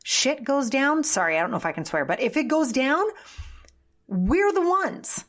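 A woman's voice: high voice, big pitch swings, moderate pace. A woman guest on an interview podcast, talking emphatically and animatedly, with the odd swear word. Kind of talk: conversational interview.

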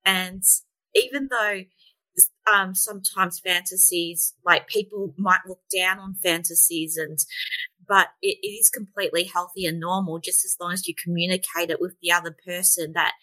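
A woman author answering interview questions in an earnest, measured way, with some fillers. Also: lowish voice, fairly even intonation, pushed and bright, dry recording, poor audio. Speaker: guest author.

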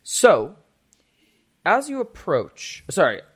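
A man's voice: high-pitched, slow pace, husky. A man narrating as game master of a tabletop game, casual and full of "like". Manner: animated, filler-heavy, casual.

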